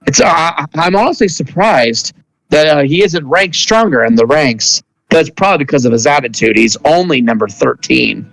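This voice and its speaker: A man voicing a calm male scientist who speaks in a measured, placating way. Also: fairly high pitch, vocal fry, full character voice, poor audio. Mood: soothing. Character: calm male scientist in lab coat, smooth and soothing.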